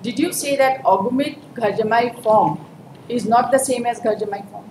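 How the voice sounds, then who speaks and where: A female judge, briskly questioning a lawyer in a courtroom and mixing in Hindi. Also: a little high. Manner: brisk, probing questions, switches between English and Hindi. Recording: echoey courtroom audio from far off with noise.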